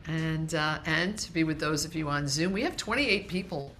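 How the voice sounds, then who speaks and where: A woman minister speaks to her congregation in a relaxed, joking sermon style. Her voice sits low yet has a bright, forceful edge, and a faint hum runs beneath her words. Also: moderate pace. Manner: light-hearted, conversational, with restarts. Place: congregation meeting hall, also streamed.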